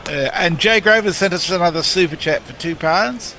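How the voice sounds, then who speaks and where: A man's voice: high voice, brisk, pushed and bright, a little hiss or hum. A man co-hosting cricket commentary, reading listener messages in a laid-back, amused way. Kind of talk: casual commentary chat.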